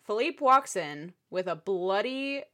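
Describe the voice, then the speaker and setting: A woman co-hosting a podcast, casually recapping a novel with expressive, exasperated commentary. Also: medium pitch, slow pace. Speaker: podcast co-host. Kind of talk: casual book recap chat.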